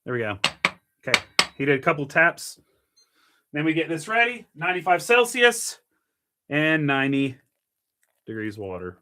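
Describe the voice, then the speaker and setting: Bright-voiced man chatting while brewing coffee. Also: a little high, sing-song, normal speed, pauses often. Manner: chatty, mild cursing, gets frustrated with gear. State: annoyed. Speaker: coffee channel host. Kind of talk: casual brewing vlog.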